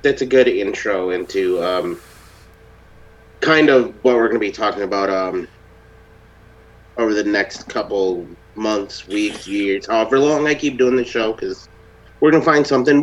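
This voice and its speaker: A man's voice: on the low side, moderate pace, lo-fi sound. A man hosting a casual group chat show, loose and swearing freely, laughing often. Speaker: podcast host.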